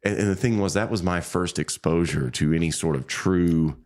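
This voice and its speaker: A man's voice: moderate pace, darkish tone. A man, a fly shop owner telling stories as a podcast guest in a rambling, easygoing way. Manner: rambling, many restarts, quotes people with pitch jumps. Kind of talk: casual interview storytelling.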